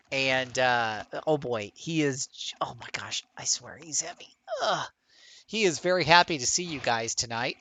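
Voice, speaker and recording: A man giving chatty live gameplay commentary as a streamer, talking straight to his viewers and jumping into high playful tones. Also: lively intonation, a little slow, pushed and bright. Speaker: game streamer.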